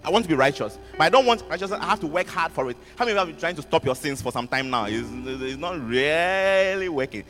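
A man preaching a sermon to students, animated, repeating words and asking the audience questions. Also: on the high side, fast, few pauses. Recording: music underneath, long hall reverb.

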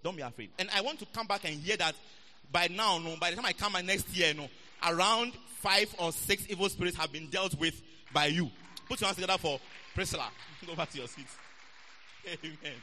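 Bright-voiced preacher in an echoey hall. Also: male voice, high-pitched, brisk, slight background noise. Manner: playful, teasing, repeats phrases for emphasis. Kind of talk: sermon. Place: church hall.

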